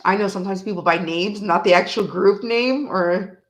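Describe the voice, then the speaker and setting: At home hosting a live tarot reading, a woman chats casually and rambles from topic to topic, breaking into hummed or sung snippets of songs. Now and then she softens her medium-pitched voice to coo affectionately at her cat, speaking at a normal speed.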